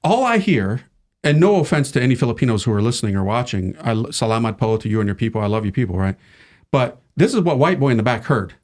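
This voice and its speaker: A middle-aged man, a priest, tells an animated story as an interview guest, using casual slang, laughing often, and acting out the people in it. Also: medium pitch, fast.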